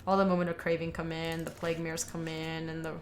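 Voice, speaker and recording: A woman's voice: low-pitched, monotone, fast, faint music behind. A young woman giving casual commentary on a card game, chatting with viewers as she plays. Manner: chatty, talks to viewers and chat while playing. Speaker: streamer playing a card game.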